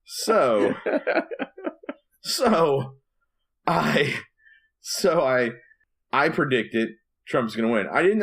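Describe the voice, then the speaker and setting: A man co-hosts a casual podcast with plenty of animation. He tells stories and drops into low, mumbling voices whenever he quotes someone. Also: very animated, drawn-out words, pauses often, a bit bright. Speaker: podcast co-host, preacher. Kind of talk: casual chat, storytelling.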